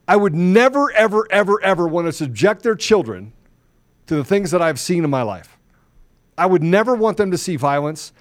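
Middle-aged guy on a talk show, kinda high voice, acts out all the quotes, dry close sound. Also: no room sound. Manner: animated, retells scenes in quoted dialogue, drops low and soft when serious. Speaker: show co-host. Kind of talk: conversational storytelling.

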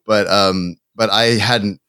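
A male host praises his guest in a casual, enthusiastic way, tripping over his words at times. His voice is low. The sound is dry and close. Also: fairly even intonation, takes it slowly, sharp tone, smooth, dry recording. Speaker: podcast host. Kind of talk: conversational interview.

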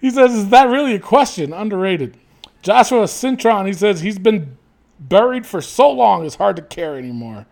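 High-voiced gravelly man. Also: moderate pace. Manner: animated, swearing, laughing often. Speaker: podcast co-host reading listener comments. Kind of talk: casual chat.

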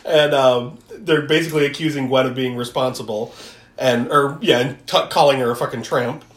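A podcast co-host in a casual film recap chat, animated, laughing often and swearing while acting out quotes. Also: medium pitch, normal speed. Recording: echoey room.

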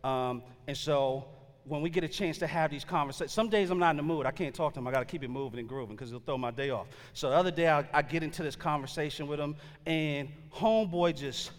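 A man's voice: on the high side, fairly quick, big-room sound. A man preaching a sermon, telling a story in a loose, conversational way with slang and frequent fillers. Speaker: pastor.

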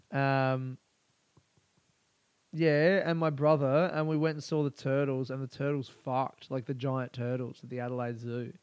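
Profane Australian podcaster with a smooth voice. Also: male voice, a little high, moderate pace, darkish tone, no room sound, dull audio. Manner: crude, profane and rambling. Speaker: podcast host. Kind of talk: solo casual podcast monologue.

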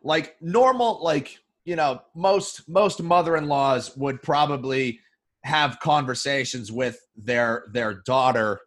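A man's voice: mid-range voice, slow, fairly bright tone. A man co-hosting a podcast, teasing his co-host in casual, playful banter.

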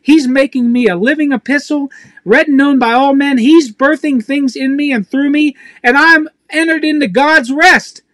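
Intense male preacher, very high bright voice, dry close sound, raw and pleading. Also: moderate pace, no room sound. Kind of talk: emotional sermon to camera.

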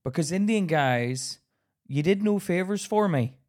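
Animated, swearing man from Ireland. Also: sits high, unhurried. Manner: animated storyteller who swears and acts out quotes. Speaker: podcast co-host. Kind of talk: casual chat.

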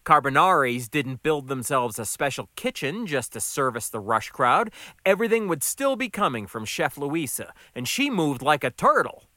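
A man narrating a story with a wry, brisk delivery. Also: fairly high pitch, pushed and bright, dry recording, clean studio sound. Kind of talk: audiobook narration.

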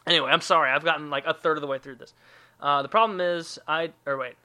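Bright, profane male podcast host. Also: on the high side, steady tone, fast talker. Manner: loose and profane, rambling asides, hums filler syllables. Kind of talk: casual podcast chat, reading listener questions.

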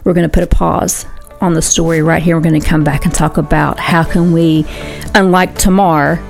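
A woman's voice: deep voice, little pitch movement, moderate pace, vocal fry, a little mellow, soft background music. A woman hosting a faith radio talk show, earnestly retelling a story with many fillers and restarts. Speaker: host.

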